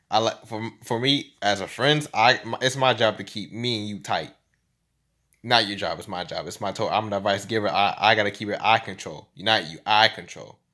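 A young man talking casually to his camera in a rambling, slangy vlog, laughing often and swinging between loud bursts and low mumbles. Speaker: vlogger.

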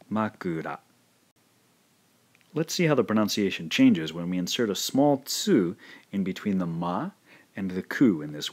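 A deep-voiced man teaches a recorded language lesson, modelling each syllable slowly and carefully and repeating it twice.

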